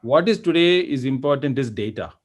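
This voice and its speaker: A man from India speaking as a software executive on an online panel, explaining points with many fillers and tag questions. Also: medium pitch, lively intonation, brisk. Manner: explains with frequent "right?" and fillers. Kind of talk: panel discussion. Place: video call.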